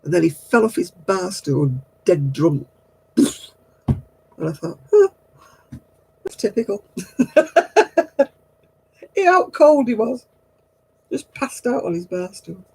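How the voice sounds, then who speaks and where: A woman's voice: medium pitch, big pitch swings, slow pace, vocal fry, pauses often, a little mellow, husky, poor audio. A woman hosting a livestream craft night, who chats casually, tells stories and laughs at herself often. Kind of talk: casual chat.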